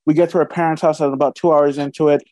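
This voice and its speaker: A man telling a crude personal story in casual podcast chat, profane and animated, acting out the dialogue. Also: on the high side, rapid-fire, dry recording.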